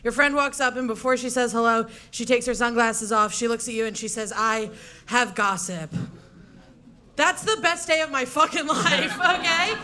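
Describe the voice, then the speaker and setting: Loud sarcastic woman doing a stand-up debate bit, high bright voice, swears a lot. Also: a little fast, hardly any pauses. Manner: brash, profane, sarcastic. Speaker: comedian debater.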